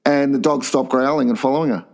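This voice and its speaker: A man's voice: mid-range voice, steady tone, fast talker, creaky, a little mellow. Wry male podcast co-host. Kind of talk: casual podcast banter.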